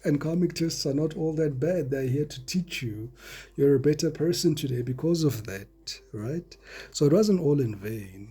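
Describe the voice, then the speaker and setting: A South African man talking viewers through a tarot reading with easy, playful chatter. His voice sits a little high, with a mellow, husky grain. He hops between languages. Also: normal speed. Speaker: tarot reader.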